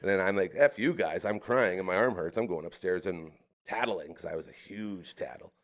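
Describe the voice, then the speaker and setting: A man in casual storytelling chat on a live podcast, animated and acting out the people in his stories. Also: low voice, moderate pace.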